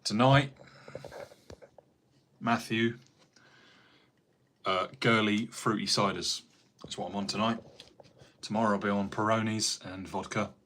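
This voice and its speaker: An English man with a somewhat low voice chats casually on a live stream. He rambles from one thing to the next and answers viewers by name as he works as a carpenter. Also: steady tone, measured pace, pauses often, fairly bright tone. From England. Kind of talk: casual livestream chat.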